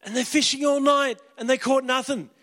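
A man preaching with a very high-pitched voice, retelling a story dramatically as he drops to a hush and then builds to shouts. His voice carries the long reverb of a large hall. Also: fairly even intonation, normal speed. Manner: dramatic, swinging from hushed to shouting.

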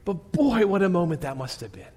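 High-voiced guy preaching, dramatic storyteller, goes quiet a lot, asks the room questions. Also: sing-song, brisk, slightly rough. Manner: dramatic storytelling, dropping to hushed tones; asks the listeners direct questions. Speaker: pastor. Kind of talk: sermon.

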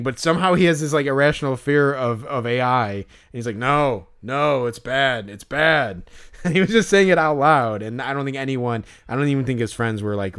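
A man's voice: mid-range voice, smooth. A young man co-hosting a casual podcast chat, rambling with many fillers and acting out the voices he quotes. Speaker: podcast co-host.

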